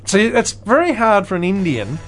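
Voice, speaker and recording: A high-voiced man co-hosts a comedy radio show. He trades dry, sardonic asides with quick timing. Faint music runs underneath. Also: very animated, a bit bright.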